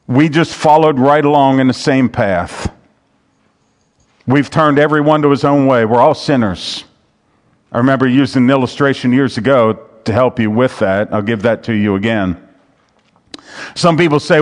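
A man's voice: medium pitch, normal speed. Pastor, male, conversational sermon with read scripture and repeated points, long reverb of a big hall. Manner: conversational preaching, reads scripture aloud, repeats phrases. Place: church sanctuary.

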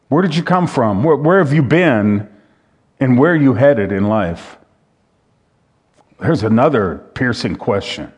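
A man's voice: medium pitch, darkish tone. A man preaching a sermon who reads scripture aloud and then repeats its questions back to the listeners.

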